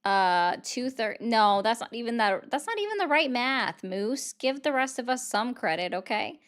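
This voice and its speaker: A woman's voice: fairly high pitch, sing-song, normal speed, few pauses, a bit bright. A woman hosting a live stream and taking callers, chatting in a self-deprecating, rambling way. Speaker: livestream host taking callers. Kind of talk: casual livestream chat.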